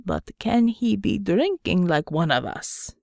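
A woman voicing a gruff, hungry male Russian bear with a Russian accent and broken English. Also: medium pitch, sing-song, takes it slowly, darkish tone, dry recording, studio quality, heavily acted. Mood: probing.

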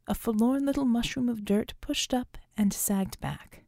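Mellow woman narrating an audiobook. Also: a little high, measured pace, vocal fry, few pauses, dry recording, studio quality. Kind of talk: scripted narration.

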